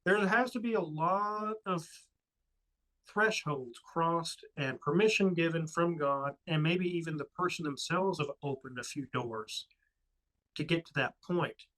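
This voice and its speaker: A man's voice: on the high side, unhurried, fairly bright tone, poor audio. A man co-hosting a casual podcast discussion, speaking earnestly and with emphasis. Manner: earnest, emphatic about faith. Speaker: co-host.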